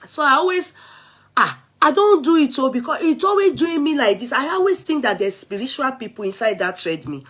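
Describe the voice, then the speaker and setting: Speaking fairly quickly in a high, lively voice that's a bit bright with a breathy edge, a vlogger from Nigeria chats casually. Her Nigerian English is sprinkled with Yoruba and pidgin.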